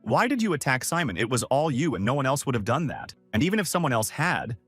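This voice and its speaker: A man voicing a hot-tempered, sharp-tongued young woman who snaps at her rival. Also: medium pitch, very animated, fast talker, husky, faint music behind. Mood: disgusted. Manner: snapping, exasperated.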